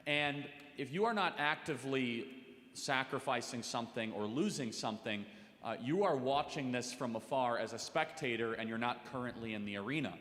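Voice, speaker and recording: A man speaking on a panel at a live event, talking urgently and rising to forceful emphasis. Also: medium pitch, moderate pace. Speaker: talk radio host on a panel. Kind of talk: impassioned panel speech. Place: large hall with audience. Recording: echoey hall reverb.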